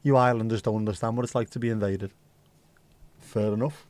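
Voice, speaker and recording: A man's voice: lowish voice, fairly even intonation, fairly quick, darkish tone, no echo. A tired man hosting a casual livestream, rambling and reacting to chat with the odd swear word. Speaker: livestream host.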